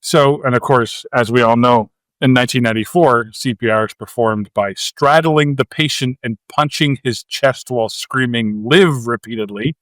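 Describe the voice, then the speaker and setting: A Canadian movie-podcast co-host with a mid-range voice talks at a moderate pace with few pauses, captured in a dry recording. Chatting casually, he animatedly recaps scenes and acts out both quotes and sound effects.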